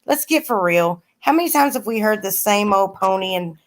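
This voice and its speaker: A woman's voice: medium pitch, animated, moderate pace. A woman on a livestream panel who eggs the others on and speaks sarcastically with profanity. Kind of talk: casual chat.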